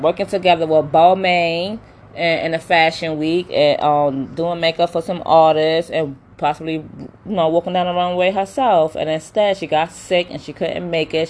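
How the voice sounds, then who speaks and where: Chatty, opinionated woman with a lowish voice. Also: moderate pace. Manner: chatty, opinionated, animated retelling with quoted voices; many fillers like um and you know. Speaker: commentator recapping a reality show. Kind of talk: casual chat.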